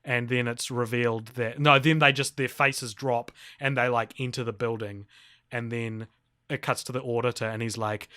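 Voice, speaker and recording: Guy on a podcast rambling through a movie plot, bright lively tone, lots of ums. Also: medium pitch, normal speed, clean tone. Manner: rambling plot recap with fillers and restarts. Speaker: podcast co-host. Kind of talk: casual film review chat.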